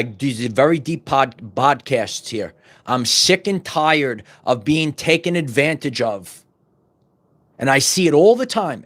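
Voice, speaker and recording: A middle-aged man of medium pitch hosts a podcast, delivering an impassioned spiritual monologue. His speech is full of repetitions and stumbling restarts, and it swells into loud bursts.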